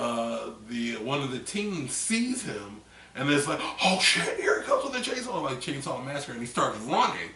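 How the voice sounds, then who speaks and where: A man with a gravelly, bright voice tells a story in a rambling, animated way and lets out loud acted screams along the way. He is a little tipsy from drinking, and he is recorded from a distance in an echoey room with a faint hiss of noise. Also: medium pitch. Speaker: vlogger. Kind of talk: casual chat.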